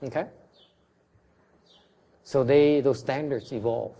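A man whose first language is Vietnamese teaches a class, questioning his listeners bluntly. His voice sits at a middle pitch. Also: slow pace, mellow. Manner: blunt, questioning, switches between English and Vietnamese. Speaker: Buddhist teacher.

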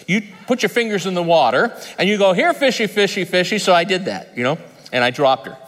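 A man's voice: sits high, big pitch swings, brisk, fairly bright tone. A man preaching a sermon, telling a humorous fishing story and then reading scripture. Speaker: pastor. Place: large conference hall. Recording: long reverb in a hall.

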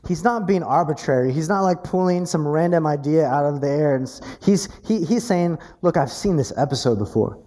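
Dark-toned male pastor preaching. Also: on the high side, a little fast, hardly any pauses. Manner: animated preaching with stammered restarts and rising emphasis. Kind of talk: sermon.

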